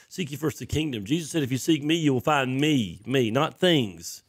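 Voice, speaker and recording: A man preaches in a conversational yet emphatic way, circling back over his phrases to drive each point home. His voice sits a little high for a man and carries a gravelly, fry-edged texture. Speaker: pastor. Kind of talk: sermon.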